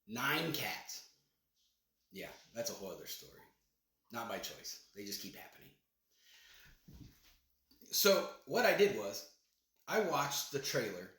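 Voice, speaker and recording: A man's voice: mid-range voice, a bit bright. A man hosting his own podcast, rambling casually with loose slang and many restarts as he breaks down a movie trailer. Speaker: podcast host. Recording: echoey room.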